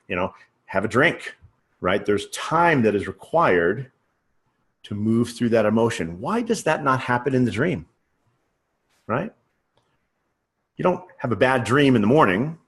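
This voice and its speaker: A man giving a sales training lecture in a conversational way. He often checks in with the listener and uses everyday examples. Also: lowish voice. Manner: conversational, checks in with frequent "right?". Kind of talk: teaching lecture.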